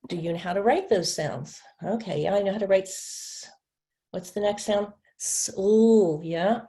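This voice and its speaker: A woman's voice: mid-range voice, moderate pace, warm tone. A woman training teachers in a webinar, patiently stretching out and tapping individual speech sounds, sometimes answering as her own student. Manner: plays both teacher and student in demonstrations. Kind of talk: instructional webinar demonstration.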